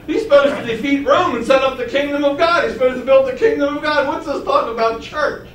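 A pastor with a high voice preaches a little fast in a roomy, echoing church, picked up from a distant mic with slight background noise. His teaching swings lively in pitch and volume as he poses rhetorical questions to the congregation.

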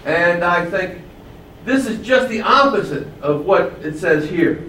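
A man's voice: sits high, expressive, a little slow, sharp tone, a little hiss or hum. A man preaching a sermon, stressing key phrases and rising on them. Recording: roomy echo from far off, faint ambience.

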